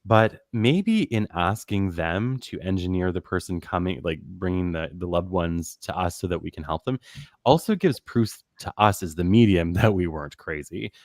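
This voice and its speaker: A man's voice: low voice, normal speed, darkish tone, no echo, studio quality. A man who is a guest medium, talking thoughtfully in a casual conversation and laughing now and then; he calls himself a nervous person. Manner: thoughtful, self-described nervous, laughs often.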